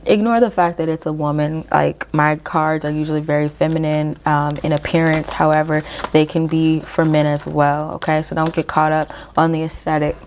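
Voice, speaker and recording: Low-voiced woman giving a tarot reading. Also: little pitch movement, a little mellow, slight background noise. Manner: encouraging, addresses viewers directly with frequent "okay?"; reads aloud from a guidebook in slow measured phrases. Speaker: tarot reader. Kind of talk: casual tarot reading to camera.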